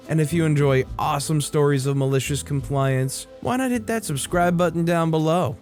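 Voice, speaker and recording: A man hosting a story channel, reading stories aloud in a brisk, upbeat narration style. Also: mid-range voice, a little mellow.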